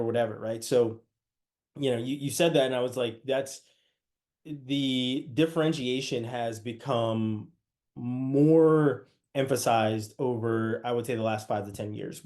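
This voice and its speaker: Male podcast host, casual and chatty, mid-pitched, talks in loose asides. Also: a little mellow. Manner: conversational, many restarts and asides.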